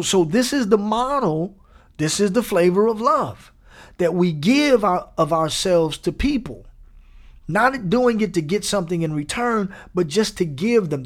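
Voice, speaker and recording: A man preaching a sermon, animated, repeating phrases and rising to emphatic peaks. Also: a little high. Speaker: pastor.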